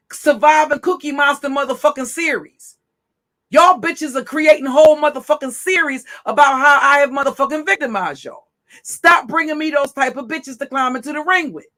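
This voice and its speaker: With a sharp, high, bright voice, a female livestream host lays into her chat, cursing and taunting them confrontationally.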